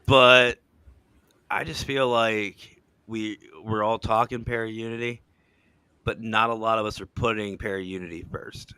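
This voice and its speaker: This is a man hosting a podcast, deep-set but bright and forward in tone. He tells stories loosely and swears as he goes. The sound is close and dry, as if he were at home on a video call. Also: steady tone, a little slow, clear, resonant tone, no room sound. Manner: laid-back, swearing, laughing storyteller. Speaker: podcast host. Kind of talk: casual chat.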